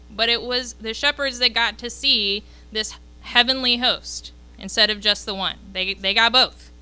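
A woman's voice: fairly high pitch, bright, forceful tone, clear, resonant tone. A woman leading a youth group, giving a casual Bible lesson and often checking in with the group by asking "okay?".

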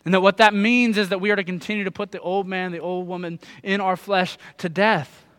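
A man's voice: high-pitched, steady tone, fairly quick, a bit bright. A man in his thirties preaching a sermon, earnest and putting direct questions to his listeners. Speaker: pastor.

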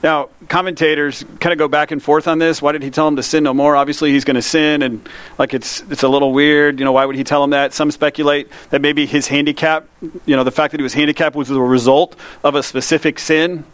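A man preaching a sermon, reading scripture slowly and asking the listeners earnest, direct questions. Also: on the high side, level tone, a bit bright, clear, resonant tone, no room sound. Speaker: pastor.

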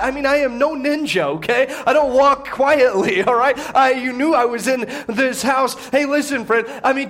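In a room full of congregants, a man with a very high, slightly bright voice gives a relaxed, conversational sermon as their pastor. He frequently checks "okay?" and laughs at his own tales, holding his voice down so the babies stay asleep.

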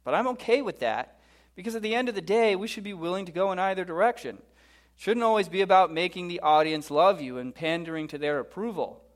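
A preacher putting on a calm, unbothered ancient prophet, talking in a loose, casual way with a fairly high voice. He sounds laid-back and sure of himself. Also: fairly quick. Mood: relaxed, defiant.

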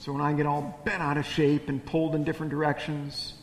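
A man's voice: on the high side, completely flat delivery, brisk, echoey room, in a large hall, slight background noise. A male pastor preaching a sermon in a conversational way, often putting questions to the congregation.

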